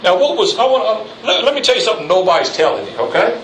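A man preaches a fiery sermon from the pulpit, his fairly high voice climbing as he presses his points and calls for amens. The sound is roomy and distant, with faint hiss behind it. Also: big pitch swings, fast, fairly bright tone. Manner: preaching with rising intensity, calls for amen. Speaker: pastor. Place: church sanctuary. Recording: echoey church, mic from afar.

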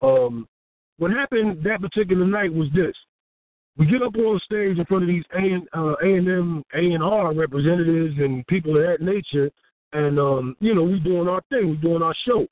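A man from Houston, a rapper, telling a story in a casual interview, profane and animated, acting out what people said. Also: high-pitched, moderate pace, no echo. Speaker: rapper and guest. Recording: tinny phone-like dry sound.

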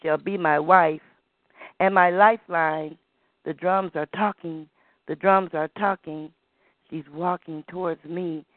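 A man's voice: high-pitched, dry recording. A man performing spoken-word poetry in a rhythmic, poetic delivery, heard over a tinny phone-like line.

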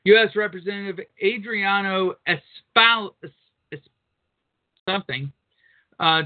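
A man co-hosting an uncensored talk radio show, reading news aloud with crude, blunt asides. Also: a little high. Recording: phone-like narrow band.

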